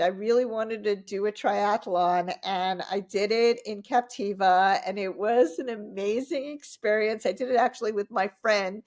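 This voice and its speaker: A woman in her fifties, a guest on a podcast, telling stories in a casual, animated way, laughing often and acting out what people said. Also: mid-range voice. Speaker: podcast guest, triathlete and coach. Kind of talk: casual interview storytelling.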